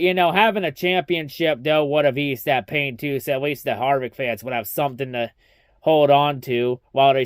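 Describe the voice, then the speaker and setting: A man's voice: fairly high pitch, no room sound, clean studio sound. A young man giving a casual, profanity-heavy race recap, ranting and mocking as he talks. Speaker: racing recap vlogger.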